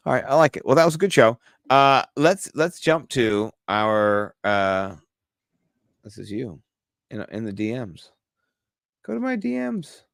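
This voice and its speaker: Low-voiced rambling podcast co-host man. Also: vocal fry, dry recording, studio quality. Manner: rambling, filler-heavy, easily amused. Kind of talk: casual chat.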